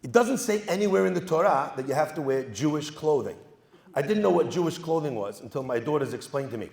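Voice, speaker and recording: A man, a rabbi, giving a humorous talk to a live audience, telling stories with lively asides. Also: a little high, fast talker, gravelly. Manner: joking, storytelling, lively asides. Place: synagogue hall. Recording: echoey hall, live event.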